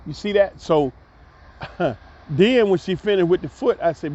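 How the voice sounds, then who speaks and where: A man telling a long personal story as a vlogger, animated and acting out the voices of the people in it. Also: high voice, a little slow. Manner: animated, acts out voices, laughs mid-story. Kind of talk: storytelling monologue. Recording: dull lo-fi recording.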